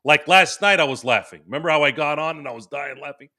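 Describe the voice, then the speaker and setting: Podcast host, male, forties, bright forceful voice, rambling animated storyteller. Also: fairly high pitch, quick pace. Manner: animated, laughing storyteller with many restarts. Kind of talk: casual storytelling. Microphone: remote stream microphone.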